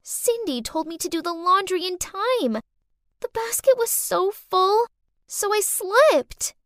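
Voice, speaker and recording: A woman voicing a manipulative little girl in an animated story, whiny one moment and coldly threatening the next. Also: extremely high pitch, slow, dry recording, studio quality, full character voice.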